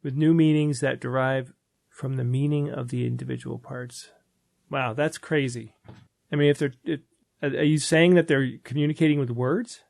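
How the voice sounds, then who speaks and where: A man's voice: mid-range voice, fairly even intonation, moderate pace, creaky, darkish tone, no echo, clean studio sound. A man on a podcast panel, reading quiz items aloud with playful, mock-bewildered reactions. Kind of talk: casual chat.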